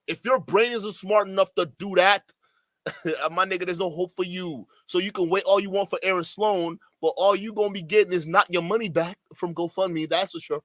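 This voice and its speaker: High, loud mocking male streamer. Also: steady tone, brisk, no room sound. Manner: loud, mocking, talks to chat. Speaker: streamer reacting to clips. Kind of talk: live reaction commentary.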